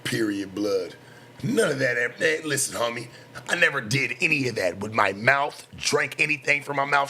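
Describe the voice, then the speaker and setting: A man's voice: mid-range voice, expressive, moderate pace, pushed and bright, slight background noise. A man in his thirties hosting a late night talk show, ranting casually and defensively with lots of slang and swearing. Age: 30s. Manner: boastful, defensive, heavy slang. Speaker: show host. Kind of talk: profane casual rant.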